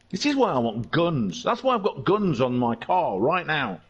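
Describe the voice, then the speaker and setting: A man's voice: fairly high pitch, moderate pace, slightly rough, lo-fi sound. A man giving jokey, rambling live commentary on a sim race. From England. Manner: excitable, jokey, tangent-prone.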